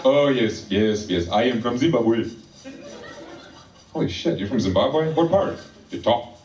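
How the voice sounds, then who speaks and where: A man's voice: mid-range voice, animated, unhurried, natural voice. A man voicing a polite, eager African immigrant clerk with a put-on African accent. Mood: cheerful. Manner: earnest, formal, eager to please. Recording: roomy sound from a distant mic.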